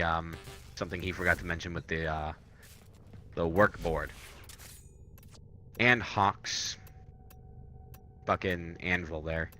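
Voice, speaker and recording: A man co-hosting casual gaming commentary, joking crudely and rowdily with sudden loud outbursts. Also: fairly low pitch, slight background noise. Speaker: gaming co-host.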